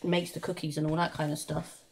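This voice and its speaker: A woman, a singer who is a guest on a podcast, telling a story in an animated way, swearing and laughing in casual chat. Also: low-pitched, fairly quick, gravelly, a little hiss or hum.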